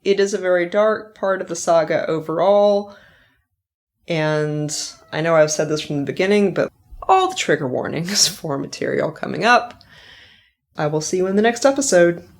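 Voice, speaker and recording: Low-voiced woman in casual author commentary. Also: lively intonation, normal speed. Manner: chatty, reflective, laughs often. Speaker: author and podcast host.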